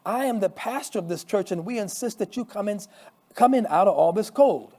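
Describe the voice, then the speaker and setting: An earnest middle-aged pastor voiced by a male storyteller talks in a fairly high, lively voice. He hesitates and fills with little words, then insists warmly, the pitch moving a lot. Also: a little fast. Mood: insistent. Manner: hesitant, chatty, with fillers.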